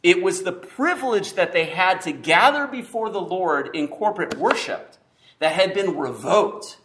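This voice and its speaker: Lively-voiced male preacher. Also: sits high, slight background noise. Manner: expressive preaching with emphatic pauses and restarts. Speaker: pastor. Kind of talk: sermon.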